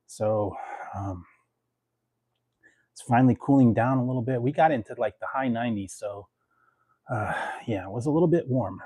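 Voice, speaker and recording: A man's voice: mid-range voice, normal speed, pauses often, mellow, breathy edge, no echo, studio quality. A man chatting casually to his viewers as a food review vlogger, rambling with lots of fillers and laughing often between phrases. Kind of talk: casual chat to camera.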